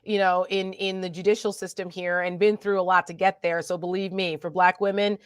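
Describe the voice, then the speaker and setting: A woman's voice: fairly low pitch, flat delivery, brisk, no echo, studio quality. A woman co-hosting a casual political chat, chatty, with many fillers and laughs. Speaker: co-host.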